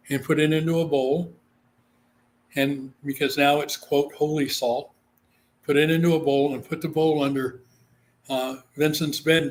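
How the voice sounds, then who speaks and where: A man from Guam, talking as a guest on an interview show at a middling pitch. He tells a long story in a loose, chatty way, drops "you know" often and slips into the voices of the people he quotes. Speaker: psychic medium, interview guest.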